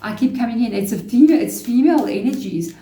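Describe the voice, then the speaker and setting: A woman reads tarot cards aloud in a loose, chatty way, passing along messages she says come from spirit. Her voice is mellow and warm, and the room around her rings with a roomy echo. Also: a little high, expressive. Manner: chatty, relaying spirit messages, quick laughs. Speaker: tarot reader. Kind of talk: casual tarot reading to camera.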